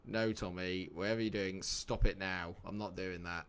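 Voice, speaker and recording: A man's voice: low-pitched, fairly even intonation, moderate pace, fairly bright tone, smooth. A man, chatting casually and joking with viewers while streaming a game. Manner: chatty, jokey, answers chat by name. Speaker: live-streamer. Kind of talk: casual live-stream chat.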